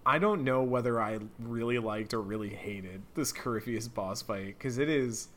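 A man co-hosting a casual gaming podcast, talking in an animated way, often laughing and slipping into mock voices for quotes. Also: mid-range voice, normal speed. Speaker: podcast co-host.

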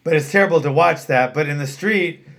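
A man's voice: a little high, a little fast, creaky, fairly bright tone. A man who runs a fight gym and coaches fighters, talking bluntly and swearing freely in casual chat.

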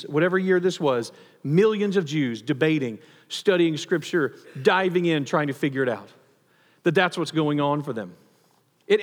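Middle-aged male pastor, high voice, lively conversational sermon, big reverberant sanctuary. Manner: animated, conversational, with frequent restarts and voiced-out quotes.

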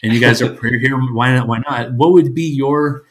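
A man's voice: medium pitch, normal speed, fairly bright tone. A man hosting a casual podcast chat, talking in a rambling way, often restarting sentences and laughing. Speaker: podcast host.

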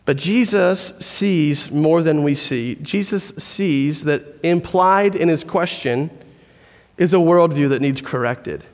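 A man preaching a sermon as pastor, conversational and animated as he tells stories. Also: on the high side, slow. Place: church hall. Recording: long hall reverb.

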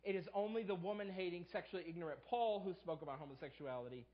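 A man's voice: high-pitched, quick pace, lo-fi sound. A man preaching a sermon as a pastor, his voice jumping up whenever he acts out the excuses people make. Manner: preaching with sharp rises into acted quotes of excuses.

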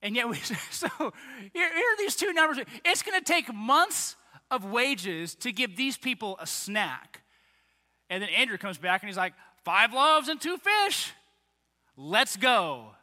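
A man preaching a sermon as a pastor, animated and acting out the voices of the people he quotes. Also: very high-pitched, measured pace. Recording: long reverb of a large hall.

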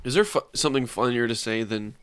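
A man co-hosting a comedy podcast, trading crude jokes in a deadpan way that trails off into low mumbles. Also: fast, clean tone, no room sound. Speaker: podcast co-host.

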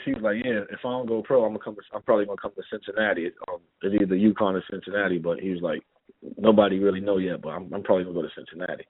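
A man's voice: on the low side, very fast, breathy edge. New York man telling stories over a phone line. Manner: animated, acts out dialogue in anecdotes. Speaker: guest, former basketball player. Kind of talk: casual storytelling interview.

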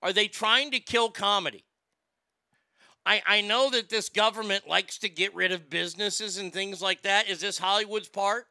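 Male host, casual rambling chat, stammers and swears, smooth resonant voice. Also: sits high, normal speed, bright, forceful tone, no echo, clean studio sound. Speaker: show host.

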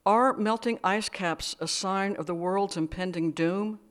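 A woman's voice: mid-range voice, measured pace. Woman author, live reading, dry and wry, hesitant asides. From United States. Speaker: author reading her work.

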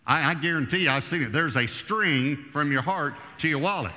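A man preaching a sermon as pastor, emphatic, pushing his pitch up on key words and slowing down to read scripture. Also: bright, forceful tone. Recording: long hall reverb.

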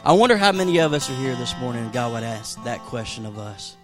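A man preaching a sermon as pastor. He moves between rousing, emphatic exclamations and hushed, softer storytelling. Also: medium pitch, sing-song, quick pace. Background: soft guitar music.

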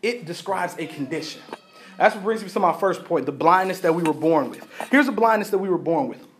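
A man's voice: high voice, lively intonation, a little fast, soft background music. A male pastor preaching a sermon in a casual, storytelling way, acting out the people in the story and often laughing. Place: church.

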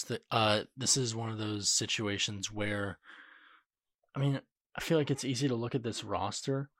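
A man's voice: mid-range voice, dry recording, studio quality. A man co-hosting a sports podcast, speaking in a laid-back, wry way with fillers. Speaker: podcast co-host. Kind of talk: casual sports podcast chat.

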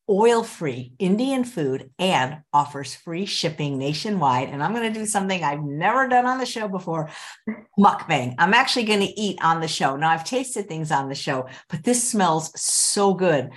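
Upbeat woman host, low voice, jumps up high when excited, chatty interview feel. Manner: bubbly, enthusiastic. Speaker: show host. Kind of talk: casual interview.

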